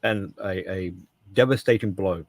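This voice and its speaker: Emphatic low-voiced man, dry sound. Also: measured pace, dry recording. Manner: emphatic, repeats and restarts words. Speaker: co-host. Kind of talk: casual podcast discussion.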